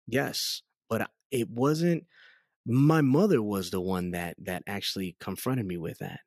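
A man's voice: on the low side, a little slow, no room sound, studio quality. A man in his thirties telling his life story as a guest in a casual interview, chatty, with lots of fillers and acted-out quotes. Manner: chatty, many fillers, lively quoted dialogue. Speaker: guest giving testimony.

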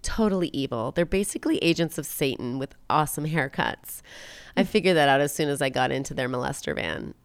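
A sly teenage demon girl, breezy and offhand, as a woman reads her lines in a podcast recap. The voice is smooth and a little low, recorded close and dry. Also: lively intonation, brisk, no room sound.

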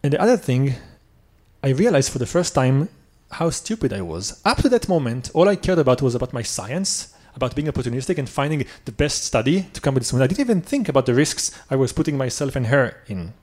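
A man's voice: medium pitch, sing-song, brisk, a little mellow. A man telling a personal story on stage at a live show, earnest and self-critical.

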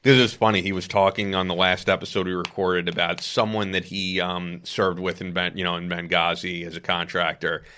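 A New York man with a faint local accent hosts a podcast in easy, bantering talk. His voice is low in pitch yet bright and forceful in tone, and he laughs easily along with his guest. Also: level tone, a little fast, few pauses, a little hiss or hum. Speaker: podcast host. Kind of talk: casual podcast chat.

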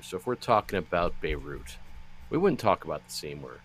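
Very deep-voiced man, bright rambling cohost. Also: brisk, breathy edge. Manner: rambling absurdist show intro, deadpan. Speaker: podcast co-host. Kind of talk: casual chat.

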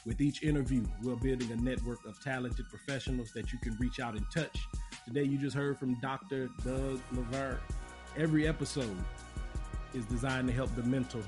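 A man hosting a podcast, relaxed and affirming, wrapping up an interview with an informal sign-off. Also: medium pitch, fairly quick. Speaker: podcast host. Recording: music clearly behind.

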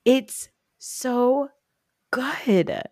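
A woman in her thirties with a New Jersey accent, hosting a podcast in animated, casual chat full of fillers and swearing. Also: high-pitched, very slow, gravelly, dry recording, studio quality. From North Jersey, USA. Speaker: podcast host.

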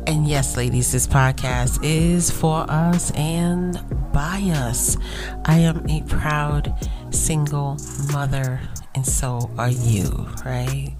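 A woman's voice: sits low, steady tone, takes it slowly, over music. A woman hosting her own podcast in a chatty, affirming way, often asking her listeners "right?", sounding tired. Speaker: podcast host. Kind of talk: casual solo podcast talk.

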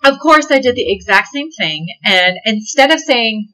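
Woman, casual chat, swinging pitch, swears freely, laughs. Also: lively intonation, moderate pace, bright, forceful tone, rough recording. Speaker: podcast guest, delivery nurse.

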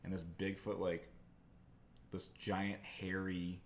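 Halting low-voiced man on a podcast. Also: little pitch movement, a little hiss or hum. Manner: halting, searching for words. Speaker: podcast co-host. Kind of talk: casual chat.

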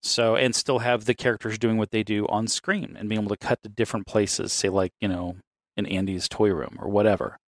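A man's voice: on the low side, little pitch movement, brisk, no room sound, studio quality. A man co-hosting a casual chat, rambling and swearing freely, often laughing between points.

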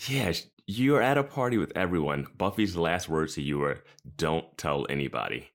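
A deep-voiced man chats casually on a podcast and drops dry comments. He laughs a lot, and his pitch moves animatedly. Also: big pitch swings, brisk. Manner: laughs often, dry asides. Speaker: podcast co-host. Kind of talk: casual recap chat.

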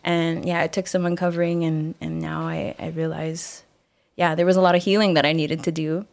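Lively young woman, low voice, telling a story. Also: a little fast, gravelly. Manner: lively storyteller, acts out quoted voices, many "like" fillers. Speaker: guest, singer-songwriter. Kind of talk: casual interview storytelling.

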